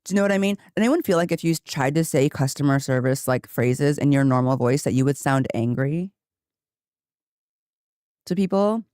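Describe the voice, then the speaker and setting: A woman game streamer chatting casually and rambling on a desk microphone, laughing often, her voice jumping higher when she gets excited. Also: moderate pace, dry recording, studio quality. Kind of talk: casual live-stream chat. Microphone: desk microphone with headphones.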